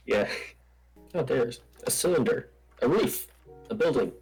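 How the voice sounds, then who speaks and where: A man's voice: medium pitch, animated, takes it slowly, creaky, a little mellow, husky, low-quality recording. Playful giggly man chatting over game music. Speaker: server host building in game. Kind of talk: casual gaming chat.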